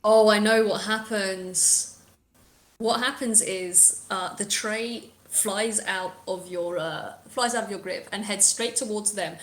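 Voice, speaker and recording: A woman's voice: medium pitch, steady tone, slow, roomy sound. A woman narrating a tabletop game as game master, playful and dramatic with sound effects.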